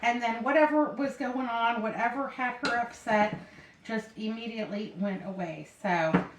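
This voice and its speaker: A woman's voice: a little high, normal speed, slight background noise. Rambling woman in an echoey kitchen. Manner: rambling, meandering, keeps saying anyhow. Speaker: home cooking vlogger. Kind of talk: chatty storytelling while cooking. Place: home kitchen. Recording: echoey room, mic set far off.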